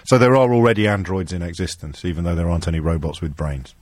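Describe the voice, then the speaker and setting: Fast talking radio host guy, bouncy voice, jokey, close dry studio mic. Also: low voice, steady tone, darkish tone, no echo. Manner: fast, quick-witted, playful, self-deprecating. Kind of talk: live radio phone-in. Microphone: studio microphone.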